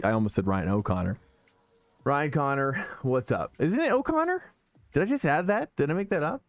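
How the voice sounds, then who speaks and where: A man's voice: fairly high pitch, dry recording. Guy streaming sim racing, talks to chat while driving, keeps correcting himself, dry close sound. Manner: chatty, self-correcting, excitable.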